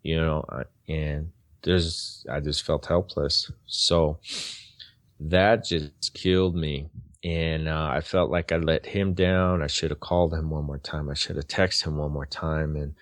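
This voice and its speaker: A man in his forties, a podcast guest, telling a personal story in a halting, earnest way that often repeats and restarts words. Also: a bass voice, steady tone, no room sound, clean studio sound.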